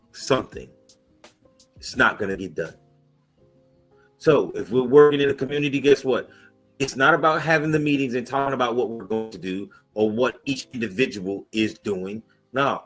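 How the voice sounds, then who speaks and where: A man's voice: mid-range voice, husky, poor audio. A male co-host on a talk show, speaking emphatically with punchy repeated phrases and pointed questions. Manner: emphatic, punchy, calls for action. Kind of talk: impassioned talk show commentary. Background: soft music bed.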